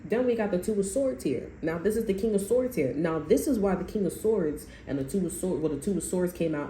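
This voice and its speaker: A woman's voice: lowish voice, lively intonation, fairly quick, few pauses, dark tone. A woman doing a casual tarot reading, blunt and profane, rambling and repeating herself, recorded in a roomy space. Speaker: tarot reader. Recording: roomy echo with faint noise.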